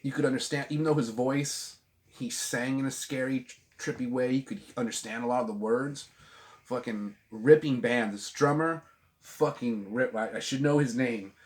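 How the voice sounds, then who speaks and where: A man's voice: medium pitch, normal speed. A middle-aged man talks about records at home in a loose, rambling way. He swears freely and keeps breaking off and restarting his sentences. The sound comes from a camera mic on a tripod. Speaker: vinyl channel host. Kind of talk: casual chat about albums. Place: at home with a dog.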